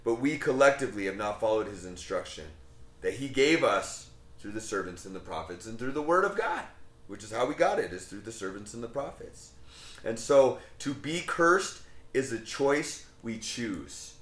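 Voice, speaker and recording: A man's voice: mid-range voice, sing-song, moderate pace, fairly bright tone, reverberant. A man leading a Bible study, talking conversationally with rhetorical questions and frequent ums.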